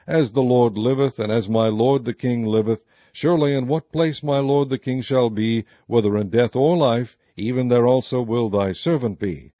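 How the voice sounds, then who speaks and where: A man reads old scripture aloud in a steady, measured way. His voice is mellow and dark, recorded close and dry with a slightly dull, lo-fi sound. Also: medium pitch, dry recording. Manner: steady measured reading of archaic text. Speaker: narrator.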